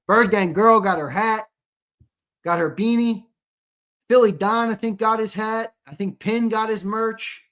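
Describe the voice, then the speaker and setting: A man's voice: high voice, measured pace, a bit bright. A young man co-hosting a live fan show, chatting loosely with viewers, swearing and repeating his lines as he reads comments. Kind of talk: casual live-stream chat reading comments.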